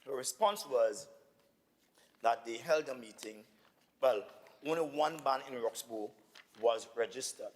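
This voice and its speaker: A man's voice: medium pitch, measured pace, long pauses. Indignant Tobagonian assemblyman, echoing hall. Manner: indignant, insistent, repetitive. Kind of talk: parliamentary debate. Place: legislative chamber.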